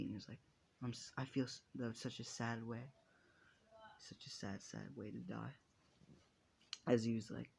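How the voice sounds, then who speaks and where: Gravelly man rambling through a fan story. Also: lowish voice, a little mellow, slight background noise. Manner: rambling, restarts, casual swearing. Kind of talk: improvised fan story narration.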